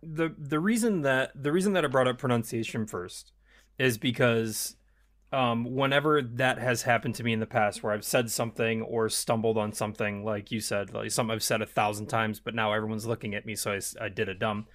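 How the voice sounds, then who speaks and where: A man who hosts trivia, thinking aloud on a podcast in halting, reflective phrases. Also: mid-range voice, steady tone, a bit bright. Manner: halting, reflective, restarts his sentences. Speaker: trivia host. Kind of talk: casual podcast chat.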